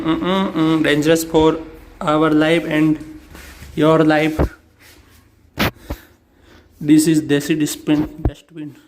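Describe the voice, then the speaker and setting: A man with an Indian accent, vlogging casually at home in broken English, playful and excitable, often laughing. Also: on the high side, slight background noise. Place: home room.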